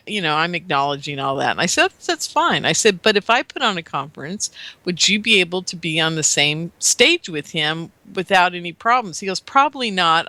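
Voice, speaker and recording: A woman's voice: lowish voice, bright, forceful tone, no room sound. A woman in her fifties telling a long personal story as a radio interview guest, chatty, often laughing and acting out the dialogue she recalls.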